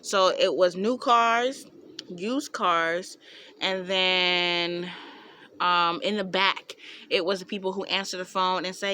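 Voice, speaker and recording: A young woman vlogger telling a storytime tale in a sassy, animated way, with laughing asides. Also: lowish voice, slow pace, slight background noise. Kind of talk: storytime vlog.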